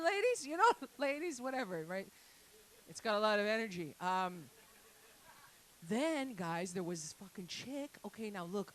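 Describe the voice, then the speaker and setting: A woman's voice: on the high side, fairly bright tone, a little hiss or hum, poor audio. A woman doing a crude, rambling stand-up set with lots of asides to the crowd. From Italian-Canadian family. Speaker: stand-up comedian. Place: comedy night venue.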